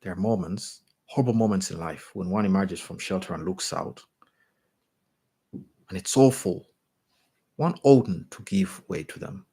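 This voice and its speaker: A man reading a short story aloud in a measured way, sometimes restarting a phrase. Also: deep voice, warm tone, slightly rough. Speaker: reader.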